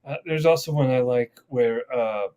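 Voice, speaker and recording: A man's voice: mid-range voice, normal speed, a little mellow. A man co-hosting a podcast, rambling and swearing as he retells pranks. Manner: rambling, profane, acts out quotes. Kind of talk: casual chat.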